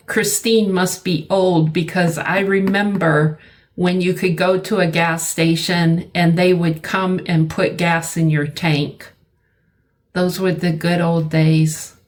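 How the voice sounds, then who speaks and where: A middle-aged woman teaching a vocabulary lesson, slow and deliberate, repeating words for her learners. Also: fairly low pitch.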